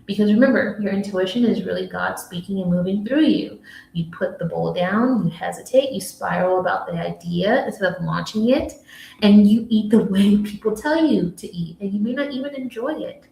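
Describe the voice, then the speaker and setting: A woman's voice: medium pitch, moderate pace, vocal fry. Spiritual coach, American woman, mid-range voice, earnest storyteller, recorded in a reverberant room. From United States. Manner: earnest, storytelling, with soft hushed asides. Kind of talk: motivational talk to camera.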